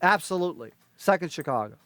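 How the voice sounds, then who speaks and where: A man's voice: high-pitched, lively intonation, fast talker, fairly bright tone, no echo. A man ranking concert recordings, firing off a long list of blunt complaints and swearing constantly. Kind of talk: profane critical rant.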